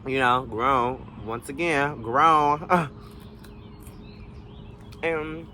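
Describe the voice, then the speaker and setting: A young man in a casual storytime vlog, animated and slangy, swearing freely and jumping into high exclamations. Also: extremely slow, slight background noise. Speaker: vlogger.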